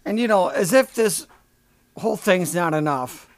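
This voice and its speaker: A man's voice: sits high, lively intonation, moderate pace. A man hosting a comedy podcast, delivering a sarcastic, profane, rambling rant. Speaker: podcast host.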